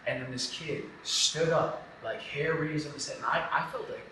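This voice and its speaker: A man's voice: on the high side, moderate pace, sharp tone. A man telling a personal story as a podcast guest, rambling and emotional, with a constant "like". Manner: rambling and emotional, heavy use of "like". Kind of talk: casual interview storytelling. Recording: echoey room, far from the mic, noisy.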